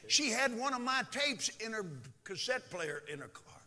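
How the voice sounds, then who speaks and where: A man preaching a sermon with a high, bright voice. His delivery is dramatic and unhurried, swinging widely from loud shouts to hushed whispers, and it echoes through a long hall reverb. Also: big pitch swings. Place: church.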